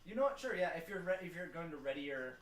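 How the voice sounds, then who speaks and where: A man running a tabletop game as game master, animated and laughing often. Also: on the high side, fast talker, roomy sound, distant mic.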